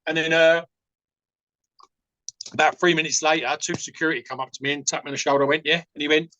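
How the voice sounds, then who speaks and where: A man's voice: fairly high pitch, fairly even intonation, fairly quick, long pauses, pushed and bright, dry recording, poor audio. A man from England with an Essex accent, a podcast guest telling stories in a rambling, frank way with many fillers. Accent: Essex English. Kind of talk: casual storytelling.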